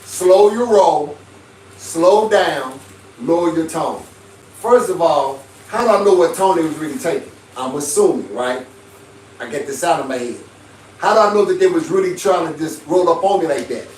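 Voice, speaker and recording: A high-pitched man, talking casually on a livestream and preaching life advice through stories. He sits some way from the mic in a roomy space, with a faint hiss behind him. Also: expressive, brisk, darkish tone, recorded from a distance. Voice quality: preachy, storytelling, chuckles often. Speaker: livestream host.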